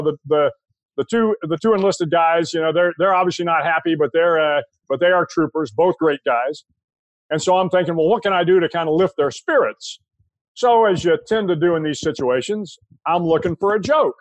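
An older American man, a guest in an interview, telling a long anecdote in a relaxed, conversational way with frequent restarts. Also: a little high, brisk, no echo. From United States. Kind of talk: storytelling anecdote.

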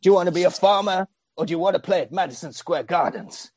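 A man voicing an angry one-eyed older brother who scolds and shouts insults in a film recap. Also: high voice, fast, dry recording, voice pushed up. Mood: scolding.

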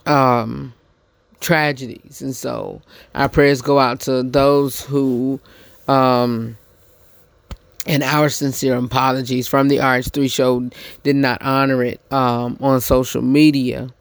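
A man hosting a podcast, giving a casual commentary monologue, halting and repeating himself with many fillers. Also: mid-range voice, flat delivery, creaky, smooth, dry recording. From United States. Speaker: podcast host.

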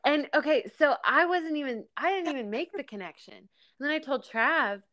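A woman's voice: sits high, moderate pace. A woman in her thirties, a podcast co-host telling family stories in casual chat, laughing often. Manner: animated storyteller, laughs often.

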